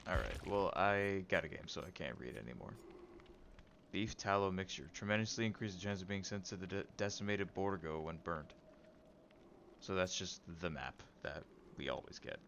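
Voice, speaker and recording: A man's voice: deep voice, lively intonation, normal speed, creaky, fairly bright tone, a little hiss or hum. A man streaming a game who reads its lore aloud, stumbling over names and breaking off for wry joking asides.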